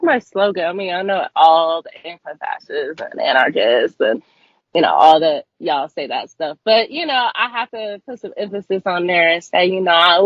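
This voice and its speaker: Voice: mid-range voice, dry recording, lo-fi sound. A guest in a remote interview, talking in a heartfelt, rambling way with casual slang. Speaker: guest, mutual aid organizer.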